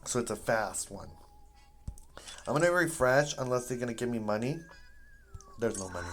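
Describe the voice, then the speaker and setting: A gaming host rambling through casual commentary, joking around and breaking into high-pitched yelps when things go wrong. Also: moderate pace, long pauses, soft background music. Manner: jokey, playful asides.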